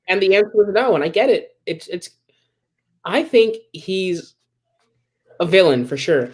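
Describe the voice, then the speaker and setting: A man's voice: high voice, expressive, a little slow, breathy edge. A man co-hosting a podcast, casually recapping a comic book plot with many ums and acted-out quotes. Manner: rambling retelling with many ums and quoted asides. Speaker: podcast co-host.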